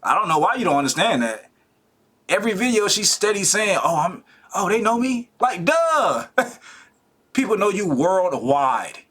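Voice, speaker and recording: A man's voice: high voice, fairly bright tone, husky. A man commenting on a video he reacts to, emphatic and profane, scolding and laughing often. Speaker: reaction streamer.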